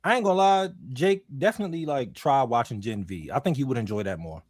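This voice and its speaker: A man talks on a casual podcast in an emphatic, profane way, with a voice that rises and falls widely. His pitch sits in the middle range. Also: expressive, fast talker. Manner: emphatic, swears a lot, says "bro".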